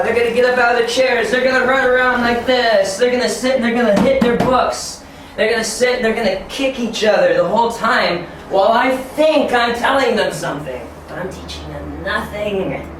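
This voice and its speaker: A man of twenty-nine giving a lively training talk to teachers, acting out classroom scenes as he goes. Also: extremely high pitch, moderate pace. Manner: animated, acts out classroom scenes. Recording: echoey room, distant mic, faint noise.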